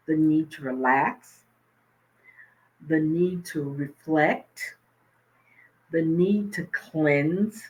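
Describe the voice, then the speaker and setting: A woman hosting a talk show as a life coach, chatting casually and thinking aloud, then reading reflective lines in a slow, soothing cadence. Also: sits low, expressive, a bit bright, poor audio.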